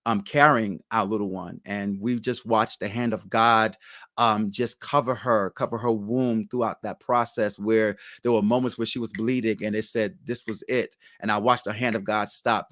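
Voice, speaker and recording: A man who is a pastor, sharing his personal faith testimony in an earnest, halting way full of ums. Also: lowish voice, fairly bright tone, dry recording, studio quality. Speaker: pastor, guest.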